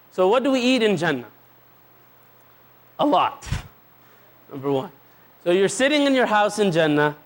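Man with a high-pitched voice giving a humorous sermon, acting out lively little scenes and using Arabic phrases. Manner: playful storytelling, acting out little dialogues; sprinkles Arabic religious phrases into English. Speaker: preacher. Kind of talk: humorous sermon to a live audience.

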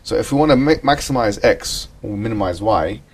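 A man's voice: on the low side, expressive, fairly quick, distant mic. A man teaching an ethics class, asking the students questions and often checking with "right?".

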